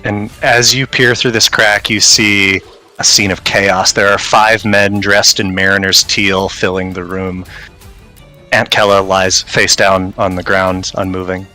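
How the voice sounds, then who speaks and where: A man narrates as game master, describing the scene to his players in measured, vivid detail. His voice sits low but rings bright and forward. Quiet music plays behind him. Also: level tone, rough recording. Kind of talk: dramatic second-person narration of a tabletop game.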